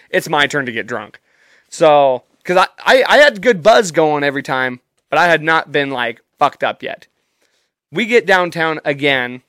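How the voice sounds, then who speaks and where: A man's voice: on the high side, sharp tone, clean tone, no room sound, studio quality. A young man telling a rambling, profane story in a casual, self-amused way.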